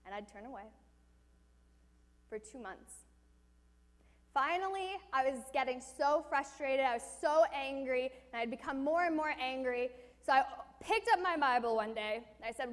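A woman's voice: high-pitched, lively intonation, moderate pace, in a large hall. A woman preaching a sermon, telling a personal story with animation and asking the audience questions.

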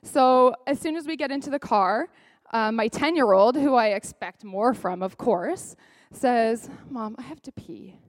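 A woman telling a personal testimony in a sermon, as a lively storyteller who acts out the dialogue. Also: on the high side, unhurried, dry recording. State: briefly choked up. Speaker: speaker sharing a personal testimony.

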